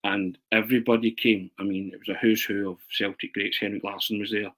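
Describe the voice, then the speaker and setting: Over poor audio, a man with a fairly low voice speaks briskly as an interview guest. The journalist and writer shares animated stories full of laughter, often repeating himself or starting phrases over.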